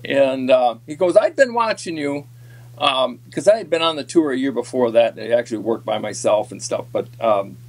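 A man in a casual podcast chat tells a long fishing-circuit story in a folksy, rambling way, stopping often for ums and restarts. His voice sits at an ordinary middle pitch. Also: steady tone, normal speed, few pauses. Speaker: podcast guest, former walleye tour pro.

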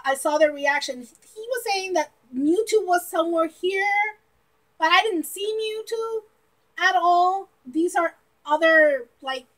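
A young woman reacting to a movie trailer in a giggly, excitable way, bursting into shouts of delight. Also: very high-pitched.

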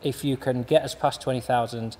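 A man hosting a charity fundraiser stream, introducing acts in a dry, self-deprecating way with halting uhs. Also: medium pitch, fairly even intonation, a little mellow. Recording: reverberant room with faint background noise.

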